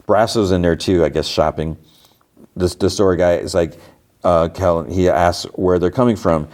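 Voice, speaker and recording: Low and steady, with a darkish tone, this man talks at normal speed as he hosts a podcast. He meanders through TV episode recaps, saying "like" again and again.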